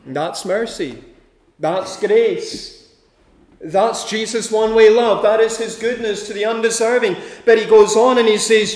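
A man's voice: high voice, measured pace, echoey room. A man preaching a sermon with a rhythmic delivery, building his points through emphatic repeated lists.

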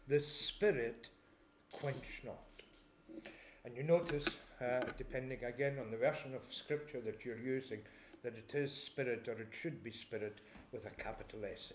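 Male preacher, middle pitch, measured expository sermon with throat clearing, echoey church room. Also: noisy background. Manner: measured expository preaching, reading scripture aloud slowly.

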